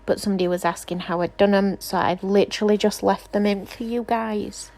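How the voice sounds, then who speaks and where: A woman's voice: mid-range voice, steady tone, fairly quick, darkish tone. A woman nail technician doing a casual, rambling tutorial voice-over, chatty and self-deprecating, often apologizing.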